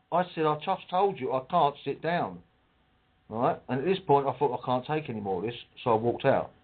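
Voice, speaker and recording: Husky man on a tinny phone line. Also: mid-range voice. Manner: emotional, restarts, acts out quoted exchanges. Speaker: guest telling his story. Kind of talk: casual personal account.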